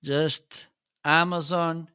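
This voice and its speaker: A man's voice: a little high, flat delivery, very slow, pushed and bright, clear, resonant tone. A man hosting a casual livestream, demoing his gear and searching for words as he goes. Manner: hums nonsense syllables while testing. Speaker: livestream host.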